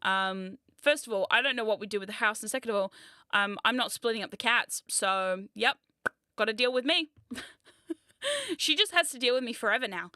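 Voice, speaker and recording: A thirty-something woman rambles through a casual livestream chat. Her fairly high voice is bright and dry close to the mic, and she swears freely and teases herself between bursts of laughter. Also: moderate pace, no echo. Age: 30s. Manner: rambling, swearing, self-mocking, frequent laughs. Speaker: VTuber streamer.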